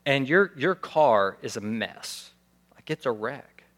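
A man's voice: mid-range voice, expressive, slow. A male pastor giving a conversational sermon, acting out little scenes as he preaches. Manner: conversational, acts out scenes with raised voice.

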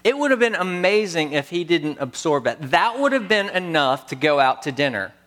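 A man in his thirties preaching a sermon, earnest and storytelling, pausing before key words. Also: fairly high pitch, sing-song, a bit bright. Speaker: pastor.

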